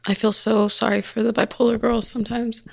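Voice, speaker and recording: A woman's voice: a little high, little pitch movement, fairly quick, vocal fry, a little hiss or hum. A woman co-hosting a podcast, talking casually in a blunt, provocative and teasing way. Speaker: podcast co-host. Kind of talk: casual chat.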